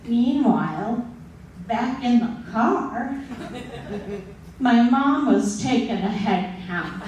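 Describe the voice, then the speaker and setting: A woman in her sixties telling a comic personal story at a live story slam, slow and full of dramatic pauses. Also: a little high, expressive, a little mellow. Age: 60s. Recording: very echoey hall, distant mic.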